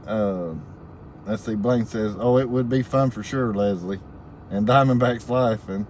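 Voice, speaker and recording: A man's voice: fairly low pitch, unhurried, a little mellow, slight background noise. A man hosting a casual live stream, reading viewer comments aloud and laughing often in a folksy way. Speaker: livestream host reading viewer chat.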